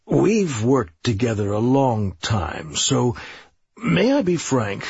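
A man voicing a cautious, long-winded male attorney in an audiobook, speaking in an earnest, measured way. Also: medium pitch, big pitch swings, darkish tone, breathy edge, highs cut off, full character voice.

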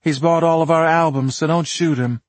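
A man's voice: fairly high pitch, steady tone, normal speed, no echo, pitched above the performer's own voice, close to an everyday voice. A man voicing a bold, teasing woman singer in an audiobook. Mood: pushy. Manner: brash, teasing. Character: sassy redheaded woman singer, bold and pushy.

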